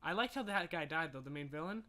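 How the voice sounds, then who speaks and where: A man co-hosting a podcast, retelling a movie in casual chat with emotional, animated delivery. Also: fairly high pitch, fast talker. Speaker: podcast co-host.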